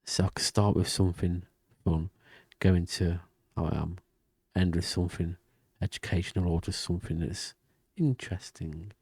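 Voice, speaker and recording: A man speaks softly at his desk, keeping his voice down and drifting between thoughts in a casual diary vlog. His voice is deep and gravelly with a husky edge. The sound is dry and close, with no room around it. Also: fairly even intonation, normal speed, no room sound. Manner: quiet, rambling, often half-whispered talk. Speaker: vlogger. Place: home room with thin walls. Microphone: desk mic and webcam.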